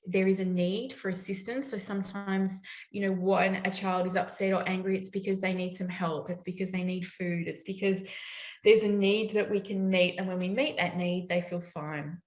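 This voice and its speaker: A woman's voice: mid-range voice, moderate pace. A woman speaking on parenting at a summit, telling stories and acting out the people in them. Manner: lively storytelling, acts out quoted voices. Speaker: parenting educator. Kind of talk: summit talk. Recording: roomy echo.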